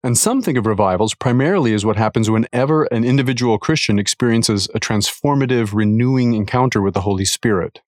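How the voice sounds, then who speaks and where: A man reading a devotional article aloud, earnest and measured, with careful emphasis. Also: mid-range voice, no room sound, studio quality.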